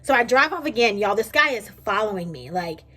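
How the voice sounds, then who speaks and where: A young woman, casually vlogging and telling a story in a chatty, animated way from her kitchen. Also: medium pitch, fairly quick, breathy edge. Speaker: beauty vlogger. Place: home kitchen.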